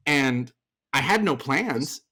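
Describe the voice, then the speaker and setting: A man's voice: mid-range voice, takes it slowly. A man, a theater performer and voice actor, telling a story as a podcast guest in loose, chatty speech. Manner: animated, acts out other people's lines in the story; loose, chatty delivery with fillers and restarts. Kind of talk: conversational storytelling.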